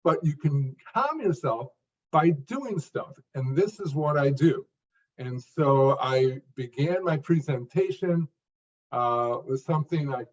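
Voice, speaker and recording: A man's voice: fairly high pitch, animated, takes it slowly, distant mic, muffled recording. A man giving an interview answer as a speech coach, talking in short emphasized phrases with frequent restarts.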